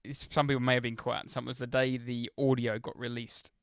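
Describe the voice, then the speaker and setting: A man co-hosting a football podcast, telling a story with lively energy. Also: mid-range voice, quick pace, clear, resonant tone, no echo, clean studio sound. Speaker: podcast co-host. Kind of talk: casual football podcast chat.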